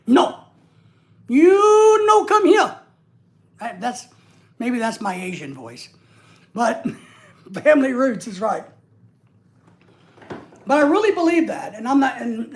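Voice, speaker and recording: Joking, rambling man, higher voice. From United States. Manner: rambling and joking, with frequent restarts. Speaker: livestream host. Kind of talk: casual livestream chat, reading comments aloud.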